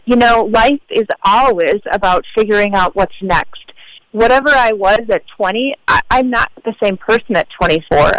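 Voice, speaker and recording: A woman in her forties speaks as a guest on a radio talk show, earnest and reflective as she tells a personal story. Her voice sits at a middling pitch, and the sound is close and dry, with no room around it. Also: no echo, poor audio. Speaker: guest author. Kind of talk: radio interview.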